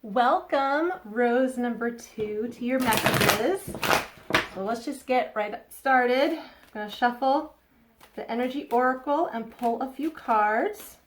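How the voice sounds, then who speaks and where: A woman with a Boston accent talks through a tarot reading in a loose, rambling way. Her voice sits a little high. She keeps checking in with her viewers as she goes. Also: slow pace, a little hiss or hum. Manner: chatty, rambling, often asks okay. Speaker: tarot reader. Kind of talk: casual tarot reading to camera.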